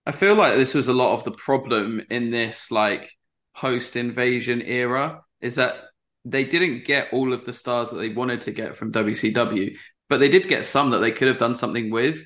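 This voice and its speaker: A man co-hosting a podcast in casual chat, matter-of-fact and measured. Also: medium pitch, a bit bright. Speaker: podcast co-host.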